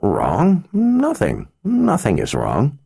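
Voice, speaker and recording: A man narrating an audiobook, voicing an old wizard who speaks slowly and gently, brushing off concern. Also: medium pitch, huge pitch swings, vocal fry, breathy edge, pitched above the performer's own voice, heavily acted. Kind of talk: audiobook character voice.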